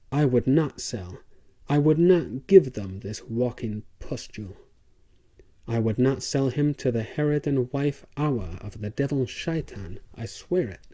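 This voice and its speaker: A man voicing a furious, loud male horse dealer in an audiobook. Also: mid-range voice. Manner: raging, loud.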